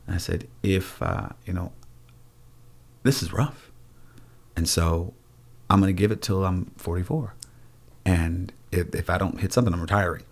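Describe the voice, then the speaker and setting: Male guest in his forties, very low voice, frank and relaxed. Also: moderate pace, vocal fry. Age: 40s. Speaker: guest actor. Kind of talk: casual conversation.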